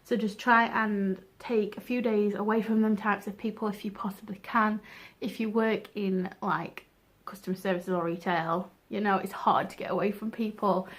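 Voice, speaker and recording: A woman's voice: mid-range voice, fairly even intonation, moderate pace. A young woman giving frank, chatty advice in a casual vlog, laughing at herself now and then. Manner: chatty, frank, self-deprecating. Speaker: vlogger.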